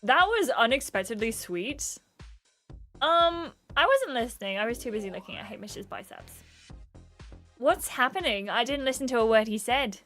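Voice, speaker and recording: A woman's voice: a little high, animated, normal speed, fairly bright tone, soft background music. A young woman livestreaming a dating game, chatting in a gushing, rambling way and thanking viewers. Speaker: gaming streamer. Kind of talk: casual live game commentary.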